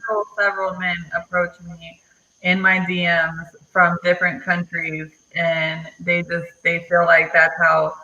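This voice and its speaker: A woman's voice: on the low side, flat delivery, measured pace, pushed and bright. A woman on a podcast panel telling a story earnestly, hesitant, with lots of fillers, over dull remote audio with faint hiss.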